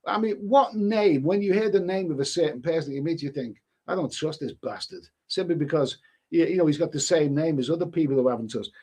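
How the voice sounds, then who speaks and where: A man's voice: fairly high pitch, fairly quick, a little mellow. A middle-aged man hosting a live stream in casual chat, rambling and often restarting his sentences as he reads viewer comments. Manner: rambling, repeats words, frequent restarts.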